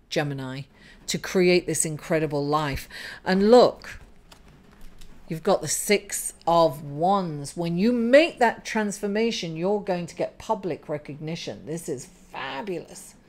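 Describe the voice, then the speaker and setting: A woman's voice: on the low side, darkish tone. A middle-aged woman giving an upbeat, encouraging tarot reading, affectionately calling the listener darling. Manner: effusive, calls listener darling. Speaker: tarot reader.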